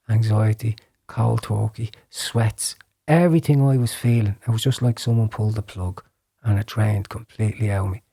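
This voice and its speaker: An Irish man telling his personal testimony in a podcast interview, earnest, with repeated words and restarts, sometimes dropping to a hushed whisper. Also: lowish voice, gravelly, husky. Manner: earnest storytelling, drops to a hushed whisper when recalling prayers.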